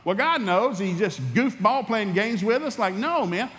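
A man delivers a sermon with a somewhat high voice, animated and folksy, slipping into playful acted-out exchanges. His voice rings out with the long reverb of a large church hall. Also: moderate pace. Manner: animated, folksy, humorous preaching that acts out dialogues. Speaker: pastor.

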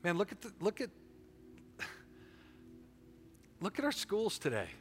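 A middle-aged man preaching a sermon, animated and repetitive, telling stories between points. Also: sits high, measured pace.

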